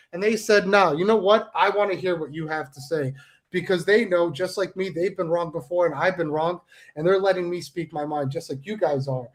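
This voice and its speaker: A man, a pro wrestler appearing as a guest, delivering a heated, profane, promo-style rant and repeating himself for emphasis. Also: sits high. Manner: angry, profane, repetitive, with mocking voices.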